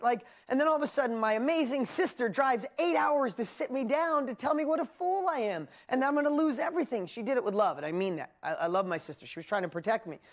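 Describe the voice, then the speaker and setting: A middle-aged woman with a New York accent giving a motivational seminar talk as a business coach, telling stories and acting out her own inner voice. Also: on the high side. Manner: animated storytelling with acted-out inner voices.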